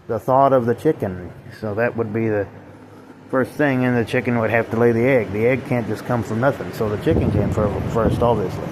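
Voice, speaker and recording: Man, low voice, rambling profane monologue, bitter, noisy recording with air conditioning and traffic behind. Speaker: vlogger.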